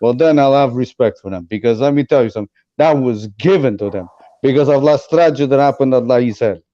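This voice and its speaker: A man's voice: medium pitch, fairly quick, dry recording. Heated older man on a dull, dry mic. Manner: animated, mixes Italian phrases, stammers when cut off. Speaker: podcast co-host. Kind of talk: heated casual chat. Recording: dull lo-fi sound.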